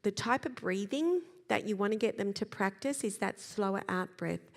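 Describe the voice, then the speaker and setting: A woman giving a live talk about children's behaviour, explaining in a lively way and acting out little examples. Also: medium pitch, normal speed, vocal fry. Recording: long hall reverb.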